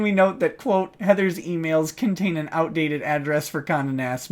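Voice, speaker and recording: A lawyer live-streamer with a slightly high voice reads a legal motion aloud, dropping sardonic, mocking asides between passages. He laughs often as he reads through the filing.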